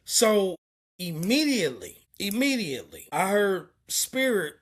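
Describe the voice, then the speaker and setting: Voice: medium pitch, unhurried. Casual vlogger, truck driver from Indianapolis; loose, stammering, profane storyteller. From Indianapolis, USA. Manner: stammering repeats, profane, animated retelling.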